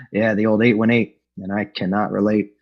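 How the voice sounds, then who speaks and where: Over muffled, lo-fi call audio from a video-call mic, a Los Angeles man in middle age recounts his recovery at an online meeting. His lowish voice stays flat at a moderate pace, and he talks openly, running himself down, with lots of filler words.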